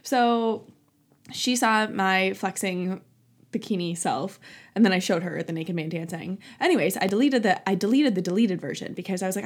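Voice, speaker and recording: A young woman in her twenties hosting a casual solo talk show, telling a story in a chatty, animated way with lots of "like" and "um" and frequent laughter. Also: mid-range voice, moderate pace. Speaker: podcast host.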